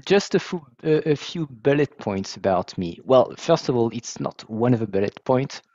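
A man from France with a French accent, presenting his background on a video call in a self-deprecating, halting way. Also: medium pitch, animated, warm tone, dry recording, dull audio. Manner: self-deprecating, hesitant restarts. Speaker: software founder and facilitator.

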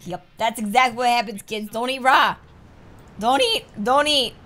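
In her let's play commentary, a young woman reads out the game's lines and jokes around between them, swearing casually. Her fairly high voice sounds bright and forceful at a moderate pace.

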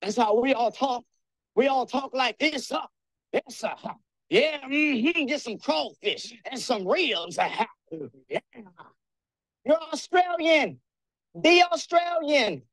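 A sarcastic young rapper-soldier. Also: male voice, very high voice, expressive, takes it slowly, long pauses, a bit bright, no room sound, full character voice, poor audio. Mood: mocking. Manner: sarcastic, mocking. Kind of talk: comedic film dialogue.

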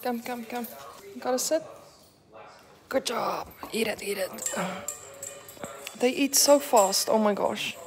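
A woman's voice: a little high, slow pace, creaky, pauses often, music in the background. A young South African woman vlogging casually, chatting and cooing baby talk at her dogs. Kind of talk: casual daily vlog. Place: home and outdoor walk.

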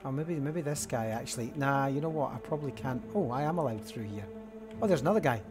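A man hosts a let's-play, chatting casually and thinking aloud as he works through clues, with game music in the background. His mid-range voice is expressive and fast.

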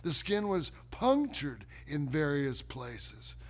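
Slow, deliberate man performing a monologue. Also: fairly high pitch, big pitch swings. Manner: slow, deliberate storytelling with dramatic pauses. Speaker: performer of a one-man autobiographical play. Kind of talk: theatrical spoken monologue.

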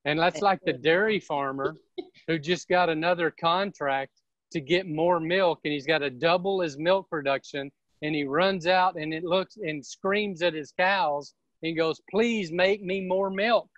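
Energetic higher-voiced man giving a pep talk. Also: measured pace, no room sound, muffled recording. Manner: energetic, emphatic, preachy. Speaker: real estate team leader giving a seminar. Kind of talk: motivational seminar talk.

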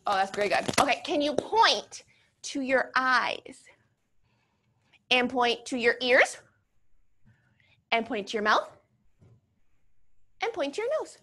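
A woman's voice: high voice, pushed and bright, slight background noise. A young woman leading a children's movement class, playful and encouraging, with a sing-song teacher manner. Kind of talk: upbeat children's class with music. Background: children's song playing faintly.

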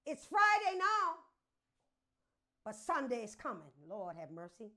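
A woman preaching a sermon, moving from hushed, quiet lines to sudden loud swells as she calls out to the congregation. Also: a little high, huge pitch swings, unhurried, pauses often.

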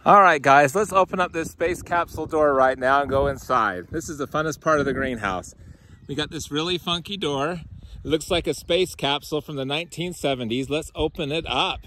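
A man's voice: on the high side, a little fast, bright, forceful tone, slight background noise. A man in his forties, a farmer, talking to viewers in a casual, upbeat way while filming himself, out of breath from shoveling snow, outdoors and in a greenhouse. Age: 40s. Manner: upbeat, addresses viewers as guys. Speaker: farmer and channel host. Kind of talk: casual walk-and-talk farm vlog. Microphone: handheld camera, filming himself.

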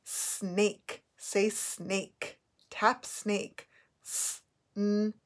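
A woman's voice: medium pitch, level tone, extremely slow. A woman teaching a phonics lesson, sounding out letters and words patiently for children to repeat.

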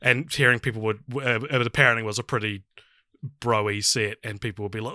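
A young man co-hosting a casual film review podcast, chatty and laughing often, with halting restarts. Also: mid-range voice, fairly even intonation, bright, forceful tone, no echo, clean studio sound. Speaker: podcast co-host.

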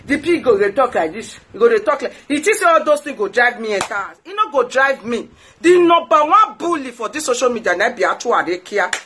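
A woman's voice: a little high, bright, forceful tone, husky. A woman with a Nigerian Pidgin accent, hosting her own show and scolding someone in an indignant rant, repeating phrases for emphasis. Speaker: host. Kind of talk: ranting monologue to followers.

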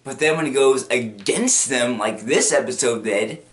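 In an unhurried, mid-range voice, a video commentator goes over a cartoon episode in a loose, rambling way. He repeats things, restarts a lot and keeps jumping into acted quotes.

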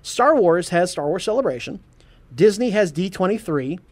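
A man hosting a casual geek news podcast, animated, laughing often and stumbling over his words. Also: sits high, normal speed. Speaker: podcast host.

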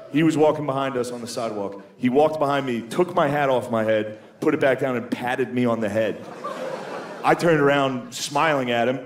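Here a man from the United States delivers a stand-up set in a fairly high voice, keeping things loose and casual while chuckling at his own material. The background is noisy, the venue echoes, and the audience laughs loudly.

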